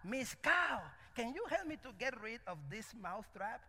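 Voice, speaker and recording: A man's voice: extremely high pitch, sing-song, normal speed, sharp tone, pitched above the performer's own voice, full character voice. A man voicing a panicking little male mouse in a spoken parable, pleading for help. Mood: panicked. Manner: frantic, pleading. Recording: echoey hall.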